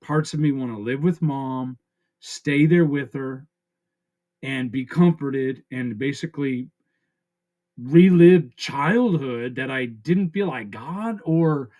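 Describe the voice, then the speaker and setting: A man speaks in a raw, halting way and is close to breaking down. His voice sits at an ordinary pitch for a man, and he sounds tearful as he pours out his feelings in a personal vlog. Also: a little mellow. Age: 40s. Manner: raw, halting, emotional confessional talk. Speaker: vlogger. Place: his friend's house.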